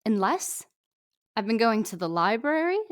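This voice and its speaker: A woman voicing a brash young female singer with a put-on Australian accent, talking bluntly and deadpan. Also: a little high, normal speed, pitched above the performer's own voice.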